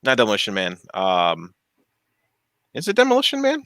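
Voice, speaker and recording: Bright-voiced man chatting on a dry mic. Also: fairly low pitch, wildly swooping pitch, normal speed, no echo. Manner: rambling, laughs often, trails off searching for words. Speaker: streamer fixing printers. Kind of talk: casual chat. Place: home workshop.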